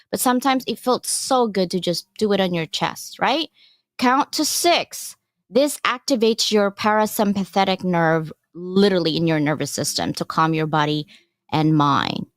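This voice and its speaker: A woman's voice: mid-range voice, no room sound, clean studio sound. A woman giving a casual live presentation as a workshop presenter, chatty and encouraging, with frequent digressions.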